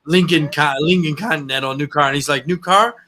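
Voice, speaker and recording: A man telling a funny story excitedly, laughing and acting out what people said. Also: a little high, brisk. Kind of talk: casual storytelling.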